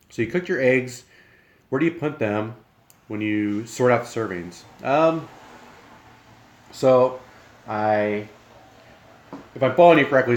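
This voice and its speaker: A man's voice: mid-range voice, lively intonation, unhurried, pauses often, roomy sound. A young man chatting casually with his live-stream viewers from his home kitchen, rambling and friendly, sometimes talking with his mouth full.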